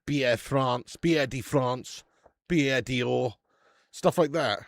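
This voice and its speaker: A man's voice: medium pitch, extremely slow, gravelly, no echo, clean studio sound. A man hosting a live football watch-along, chatty and laddish, swearing and calling viewers mate and lad. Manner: bursts out loud at match chances.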